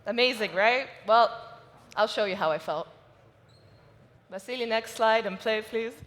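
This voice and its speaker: A woman's voice: on the high side, unhurried, fairly bright tone. Emotional woman speaker in a reverberant hall. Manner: personal, emotional storytelling. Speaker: conference speaker. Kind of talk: motivational stage talk. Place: large conference hall stage.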